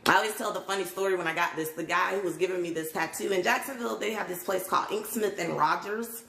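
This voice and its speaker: A woman's voice: lowish voice, fast talker, gravelly, fairly bright tone, slight background noise. Chatty woman hosting a live stream. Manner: chatty, laughs often, greets viewers. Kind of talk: casual livestream chat. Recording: roomy echo.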